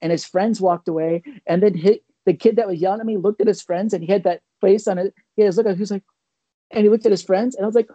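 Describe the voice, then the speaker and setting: A man recounting a story on a casual podcast, rambling and animated with lots of fillers. His voice is mellow and dark, recorded dry and close. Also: high-pitched, fast talker, no room sound, muffled recording. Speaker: comedian and podcast co-host.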